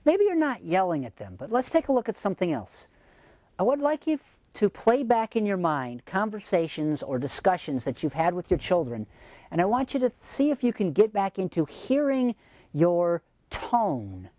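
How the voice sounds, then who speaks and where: Man coaching in a lively voice. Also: sits high, no echo. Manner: gentle, coaching, asks many rhetorical questions. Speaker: parenting advice host. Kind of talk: scripted advice talk.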